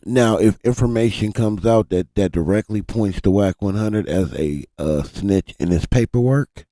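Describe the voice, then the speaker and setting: Speaking at normal speed in a lowish voice, a man chats with his live stream audience casually and animatedly, swearing freely and addressing them directly. His desk mic captures clean studio sound without echo.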